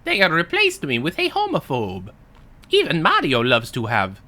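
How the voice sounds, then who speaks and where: A man putting on a crass, boastful cartoon plumber voice with bouncy high exclamations. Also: wildly swooping pitch, normal speed, bright, forceful tone, exaggerated voice. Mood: teasing. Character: crude boastful male plumber cartoon hero.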